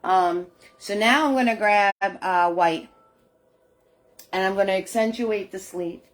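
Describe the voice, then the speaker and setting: Slow, chatty middle-aged woman teaching painting. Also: mid-range voice. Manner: chatty, laughs often, greets viewers by name. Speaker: live painting class host. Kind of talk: casual live painting instruction.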